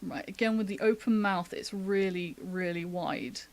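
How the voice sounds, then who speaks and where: Sketching on a live stream, a woman from the UK gives a casual drawing tutorial as an artist demoing her work. She speaks at medium pitch and moderate pace, chatty and thinking aloud, with frequent laughter.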